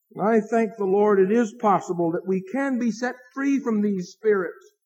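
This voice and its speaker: Pastor, male, high-pitched, earnest preaching with dramatic pauses, dull lo-fi recording. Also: a little mellow, husky. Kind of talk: evening sermon.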